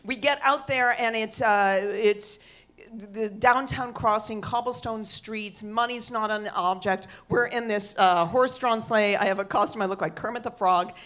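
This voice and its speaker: A middle-aged woman performs a funny story for a live audience, her medium-pitched voice moving at a measured pace. Animated throughout, she acts out each person and makes big vocal changes whenever she quotes someone.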